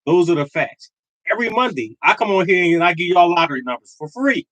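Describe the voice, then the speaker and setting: Older male streamer, high voice, dry close sound, hammers each point twice with preacher-like conviction. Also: quick pace, fairly bright tone, no room sound, poor audio. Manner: emphatic and repetitive, preaching conviction. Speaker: lottery tips host. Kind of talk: live stream talking to chat.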